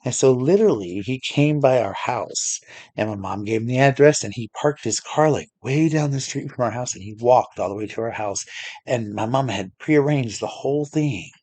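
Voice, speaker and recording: A man's voice: mid-range voice, moderate pace, a little mellow, no room sound. A man vlogging, telling a long personal story in a chatty, rambling way with many restarts. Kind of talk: casual storytelling to camera.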